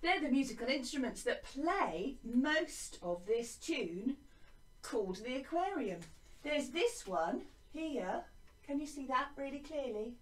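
A woman with an English accent teaching young children a music and movement lesson to camera, gentle and encouraging, chanting along with the actions. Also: sits high, big pitch swings, a little slow. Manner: gentle, encouraging, sing-song counting and chanting. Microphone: wearing a microphone.

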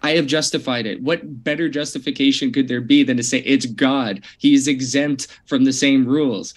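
A man in a debate answering calmly, explaining his position with a casual, slightly hesitant manner. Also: mid-range voice, moderate pace.

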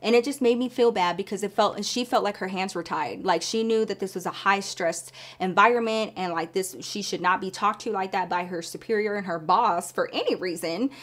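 A woman's voice: medium pitch, a little fast, hardly any pauses. A woman vlogger telling a personal story in a casual, chatty way, full of "like" and addressing viewers as y'all.

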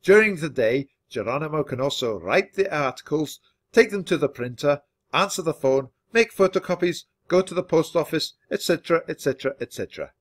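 Guy putting on a loud bossy old grandpa mouse, boastful, voice jumping all over, storybook style. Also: fairly high pitch, animated, fairly quick. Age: older. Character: bossy old male mouse newspaper founder.

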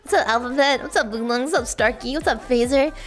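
A woman livestreamer chatting casually with her viewers, hyper and playful, often breaking into shouts and laughter. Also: on the high side, quick pace.

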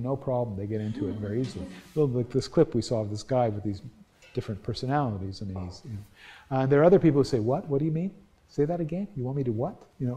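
Mellow-voiced man lecturing conversationally. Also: mid-range voice. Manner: conversational, anecdotal, frequent restarts. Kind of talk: university lecture.

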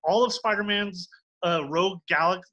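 Young man, heated geek debater, bright edgy tone, rants and swears. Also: sits high, normal speed, low-quality recording. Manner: ranting, swears, mocks with acted quotes. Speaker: debater defending a film.

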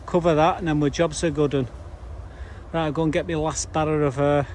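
A fairly high-voiced man rambles through his gardening chores in a relaxed, chatty way, with the odd dry grumble thrown in. He is recorded outdoors at an allotment, and a faint hiss of outdoor ambience sits behind his voice. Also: fairly quick. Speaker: allotment vlogger. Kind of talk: casual chat to camera. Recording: faint background noise outdoors.

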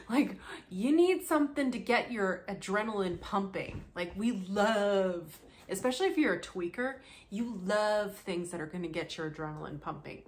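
Sarcastic, laughing young woman commentator. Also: medium pitch. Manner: sarcastic, laughs often, swears freely. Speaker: commentary channel host. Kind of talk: casual commentary.

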